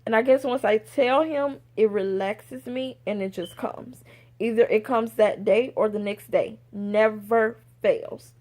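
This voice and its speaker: A young woman, telling a personal story to camera in a lively, casual way and acting out the people she quotes. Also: measured pace. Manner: animated, acts out quoted people with big pitch jumps. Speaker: vlogger.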